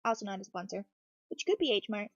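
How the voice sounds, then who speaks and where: A woman chatting in a gentle, reassuring way while she builds a craft kit, talking close to her desk mic. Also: medium pitch, expressive, fast talker, no echo, muffled recording. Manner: soft-spoken, reassuring, gentle. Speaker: craft streamer. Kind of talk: cozy casual chat while building.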